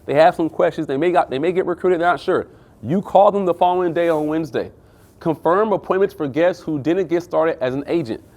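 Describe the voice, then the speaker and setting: A man giving an energetic sales training talk, often tossing in "right?" and "guys" to the listeners. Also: fairly high pitch, fairly quick.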